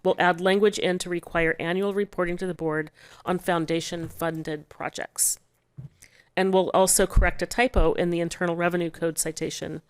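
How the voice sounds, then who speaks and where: A woman serving as school board vice chair, reading a list of policy revisions quickly with small restarts. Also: fairly low pitch, steady tone, clear, resonant tone.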